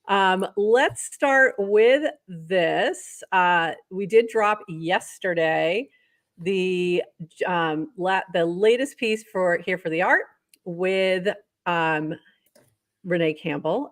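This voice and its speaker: A woman co-hosting a casual livestream, upbeat and quick to laugh as she runs through the news. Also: fairly low pitch, no echo, studio quality. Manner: upbeat, laughs often, reads news items. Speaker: co-host.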